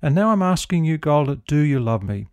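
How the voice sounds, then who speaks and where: A man's voice: a little high, sing-song, fairly quick, no echo. A man voicing an anxious middle-aged husband who keeps pleading the same question to his wife, read out within a devotional talk.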